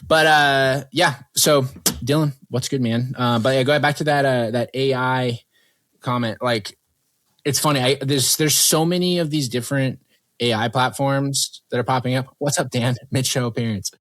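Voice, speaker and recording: A man's voice: mid-range voice, steady tone, moderate pace, fairly bright tone. A man hosting a podcast in casual chat, rambling with lots of fillers and joking asides. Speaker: podcast host.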